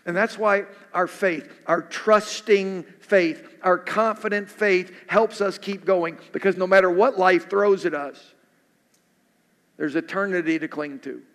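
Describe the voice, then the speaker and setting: A man's voice: sits high, steady tone, measured pace, a bit bright. A male pastor preaching a sermon in an earnest way, repeating questions for emphasis. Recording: echoey hall.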